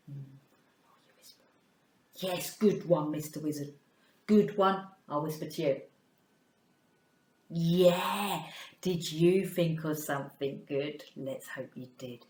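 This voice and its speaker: A woman's voice: low-pitched, expressive, slow pace, long pauses, a little mellow, reverberant. A woman teacher leading a children's phonics lesson, playful and coaxing, chatting to a puppet and often dropping to a whisper.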